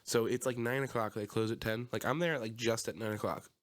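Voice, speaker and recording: A young man from the Philadelphia area with a local accent, telling a story on a podcast in animated, profane casual chat. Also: medium pitch, a little fast, a little hiss or hum. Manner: animated, swears, acts out quotes loudly. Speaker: podcast co-host.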